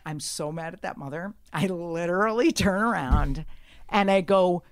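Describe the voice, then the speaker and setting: A woman telling a story in casual chat, brash and profane, swinging from hushed asides to shouting. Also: on the low side, normal speed.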